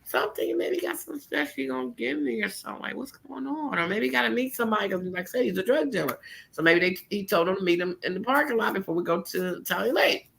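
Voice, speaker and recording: A middle-aged woman casually telling a personal story, animated and laughing, jumping into high voices for quotes. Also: fast talker, gravelly, a little hiss or hum, low-quality recording.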